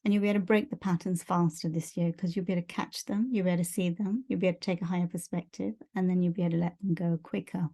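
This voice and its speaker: A woman's voice: fairly low pitch, flat delivery, rapid-fire, few pauses, mellow. A woman giving a monthly spiritual energy update, talking earnestly and encouragingly in long repetitive lists. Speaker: spiritual teacher.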